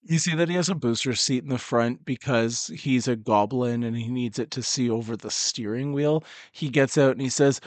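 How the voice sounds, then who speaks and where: Easygoing game master narrating. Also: male voice, medium pitch, moderate pace, no echo.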